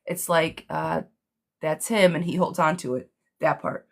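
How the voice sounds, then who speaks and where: A woman's voice: sits low, a little slow, gravelly. A woman giving a live-streamed tarot reading in a chatty, blunt way, speaking straight to the viewer. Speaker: tarot reader.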